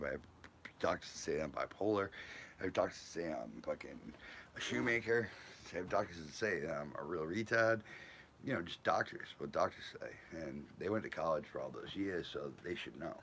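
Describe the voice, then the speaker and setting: A man's voice: extremely low pitch, fairly bright tone, a little hiss or hum. A man in his fifties from Newport, telling rambling personal stories full of profanity and tangents.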